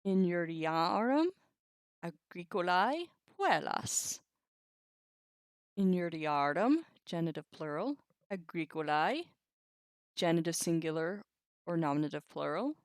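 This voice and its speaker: Lively, slow-talking woman teaching on a stream. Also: on the low side, clear, resonant tone, dry recording, studio quality. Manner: chatty, laughs often, reacts to chat comments. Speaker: Latin teacher on a live stream. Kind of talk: casual live-stream lesson.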